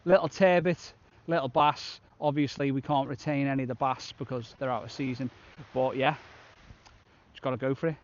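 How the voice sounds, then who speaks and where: A man's voice: mid-range voice, steady tone, moderate pace, muffled recording. A man vlogging a shore fishing trip outdoors on a beach, chatting casually and upbeat to the camera. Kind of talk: casual outdoor vlog narration.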